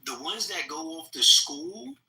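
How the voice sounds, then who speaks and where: A man's voice: on the high side, lively intonation, unhurried, sharp tone. A man making a rambling, slangy point in a heated live voice-chat debate. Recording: echoey, distant online voice chat.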